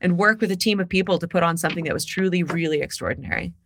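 A woman from Ohio in her thirties, a guest in an interview, chatting casually in an animated, playful way and laughing often. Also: fairly low pitch, racing. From Ohio, USA.

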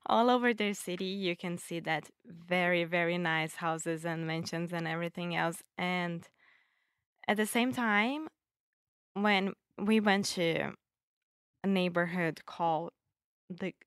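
A woman co-hosting a casual podcast in English, pausing to search for words. Her voice sits fairly low for a woman, and the sound is dry and close. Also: clean tone, dry recording. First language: Portuguese. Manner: searches for words, hesitant, good-humoured. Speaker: podcast co-host, English learner. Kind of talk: casual conversation.

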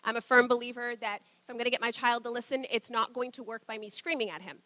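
A woman pastor, probably in her thirties, preaching a conversational sermon, chatty and quick to laugh, acting out little quoted exchanges. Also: a little high, fairly even intonation, pushed and bright, no room sound.

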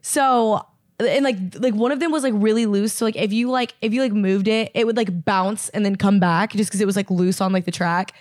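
A woman's voice: mid-range voice, fairly even intonation, a little fast, a little mellow, no echo, clean studio sound. A woman in her twenties from Indiana, chatting casually as a podcast co-host and telling a story with lots of fillers and swearing. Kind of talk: casual chat.

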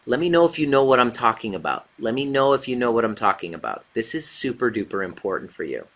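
A man's voice: mid-range voice, big pitch swings, fast, a bit bright. A man who works as a relationship coach, giving a casual motivational talk and driving his points home by repeating them. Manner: emphatic, repeats key points.

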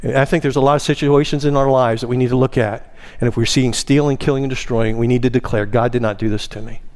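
Speaking fast with a darkish tone and fairly even intonation, a man gives a sermon in a church sanctuary. He is an emphatic pastor who lifts his pitch on key words and has the congregation recite with him in call-and-response.

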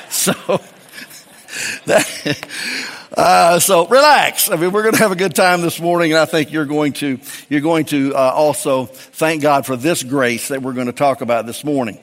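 A man's voice: fairly high pitch, measured pace, long pauses, fairly bright tone, big-room sound. A man preaching a folksy sermon to his congregation, joking with the people in the pews. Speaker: pastor. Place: church.

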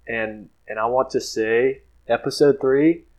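A man's voice: medium pitch, measured pace, a little mellow, low-quality recording. A man co-hosting a podcast, talking casually with mock-dramatic, playful complaints. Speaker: podcast co-host. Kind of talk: casual chat.

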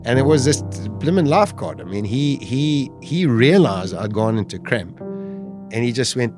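A man's voice: mid-range voice, expressive, a little slow, music in the background. A man telling a survival story as an interview guest, acting out the words he and others once said. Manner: vivid storytelling that acts out its own remembered speech.

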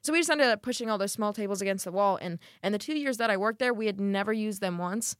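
A young woman tells a long workplace story in casual podcast chat, her sentences loose and full of fillers. Her voice sits at an ordinary middle pitch, recorded dry and close. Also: fast, no echo. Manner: rambling, many "like" fillers, animated retelling. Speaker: podcast co-host.

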